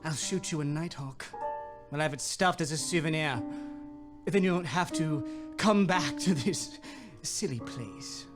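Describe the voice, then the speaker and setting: A man's voice: a little high, unhurried, lightly acted. A man playing a haughty upper-crust British snob. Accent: put-on posh British received pronunciation. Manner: clipped, haughty delivery. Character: upper-crust snobbish British gentleman hunter. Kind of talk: audio drama acting. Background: music.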